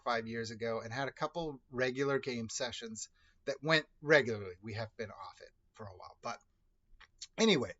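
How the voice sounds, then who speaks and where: A man's voice: mid-range voice, a bit bright, lo-fi sound. A man telling personal stories in a casual vlog, rambling and often correcting himself as he goes. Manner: rambling, self-correcting, conversational.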